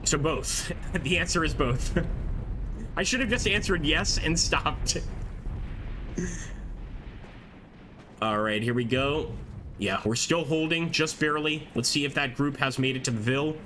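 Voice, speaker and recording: A man giving chatty, excited live commentary on a strategy war game, reading chat aloud and laughing often. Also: fairly high pitch, a little slow, long pauses, noisy background. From American. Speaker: gameplay streamer.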